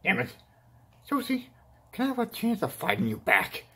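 A man's voice: high voice, wildly swooping pitch, normal speed, pushed and bright, heavily acted. A man playing the Joker, a whiny clown villain. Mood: whiny taunting. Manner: pleading and taunting, yelps in pain. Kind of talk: toy-figure fan play.

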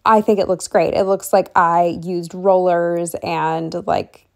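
A woman's voice: fairly low pitch, fairly even intonation, takes it slowly. A young woman chatting casually through a planner spread, rambling with lots of fillers and running short of breath. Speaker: planner vlogger. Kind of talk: casual planner walkthrough voice-over.

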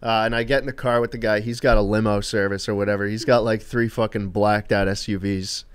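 A man's voice: on the low side, flat delivery, a little fast, clean tone. A man telling loose, amused anecdotes during a live stream, rambling with fillers and casual swearing. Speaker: streamer and co-host.

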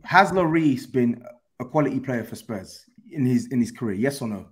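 A man's voice: medium pitch, animated, normal speed. A man with a London accent arguing his point on a football podcast panel, insistent and laughing as he defends himself. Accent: London English. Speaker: podcast panelist, Spurs fan. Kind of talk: heated football podcast chat.

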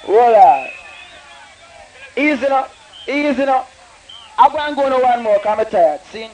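A man's voice: extremely high pitch, normal speed, slight background noise. A man with a Jamaican accent toasting live at a dancehall session, chanting rhymes in patois and talking to the sound man between verses. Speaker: dancehall deejay. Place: outdoor dance event. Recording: distant live mic with sound system music.

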